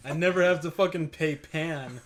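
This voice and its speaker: A man's voice: fairly high pitch, slight background noise. Crude young man telling rambling stories. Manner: crude, rambling storyteller who acts out other people's lines. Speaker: podcast co-host. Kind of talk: casual chat.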